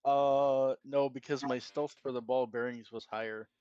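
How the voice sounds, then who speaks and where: A man playing a tabletop game, talking in a relaxed, hesitant way. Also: mid-range voice, moderate pace, clean tone, dry recording, highs cut off. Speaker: player.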